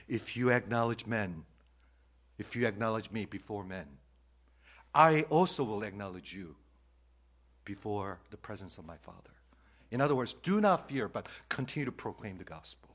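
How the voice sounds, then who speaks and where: An older man who first spoke preaches a sermon with a lively, swinging delivery. He drops to hushed near-whispers, then climbs to loud, forceful peaks. He keeps turning to the congregation with questions. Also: lowish voice, moderate pace. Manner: asks the congregation repeated questions. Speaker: pastor.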